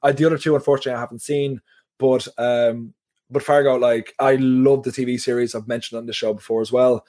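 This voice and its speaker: A man's voice: medium pitch, level tone, quick pace, dark tone. A man hosting a film podcast, chatting casually and rambling with lots of fillers. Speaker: podcast host. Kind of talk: casual film review chat.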